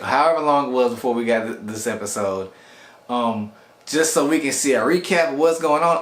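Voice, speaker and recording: A man rambling through a casual anime episode review in a chatty, loose way. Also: mid-range voice. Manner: rambling, chatty, animated quoting. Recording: echoey room.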